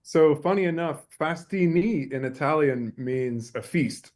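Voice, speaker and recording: A man's voice: fairly high pitch, unhurried, darkish tone. A man founder guesting on a tech show, friendly and laughing easily as he explains his product. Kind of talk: casual interview.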